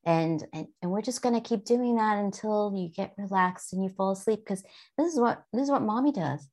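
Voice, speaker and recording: A middle-aged woman explaining mindfulness for children, calm and gently instructive, sometimes speaking soothingly as if to a child. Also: medium pitch, fairly quick. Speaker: guest expert on mindfulness. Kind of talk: conversational explanation.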